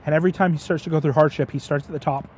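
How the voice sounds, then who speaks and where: A man's voice: fairly high pitch, fairly even intonation, very fast, a little mellow, a little hiss or hum. A man chatting as his father's guest, retelling a story with passion and often stumbling over repeated words. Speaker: guest, host's son. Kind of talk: casual storytelling chat.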